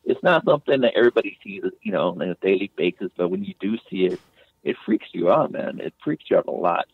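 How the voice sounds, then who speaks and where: Gravelly man on a tinny remote line. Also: low-pitched, expressive, fast talker, no room sound. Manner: rambling, many restarts, fillers like "you know" and "man". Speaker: guest author and medium. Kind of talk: casual storytelling.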